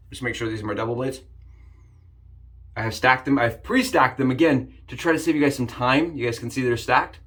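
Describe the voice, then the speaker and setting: A man hosting a casual shaving vlog, upbeat and jokey, rambling with frequent restarts and sudden excited jumps in pitch. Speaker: shaving channel host. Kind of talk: casual shave demonstration vlog.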